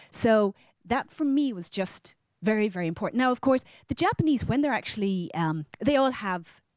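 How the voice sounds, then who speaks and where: A woman's voice: no room sound, clean studio sound. A woman in her thirties with an Irish accent, telling a personal story live on stage and acting out the lines of the people in it. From Ireland. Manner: animated, acts out quotes with big pitch jumps. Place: stage before a live audience.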